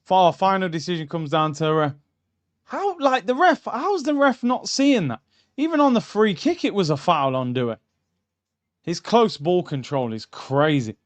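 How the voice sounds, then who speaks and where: Young male host, football watchalong, high and animated, excitable and chatty. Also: a little slow. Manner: excitable, shouts at the screen, chatty tangents. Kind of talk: live match reaction commentary. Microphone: streaming mic.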